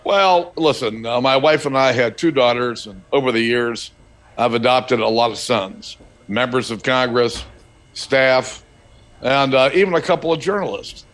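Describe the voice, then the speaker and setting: An older man, a former political leader, reminiscing casually with many pauses and fillers. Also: medium pitch, fairly bright tone. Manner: halting, many fillers, folksy. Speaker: former House Speaker, surprise guest. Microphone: headphones, remote line.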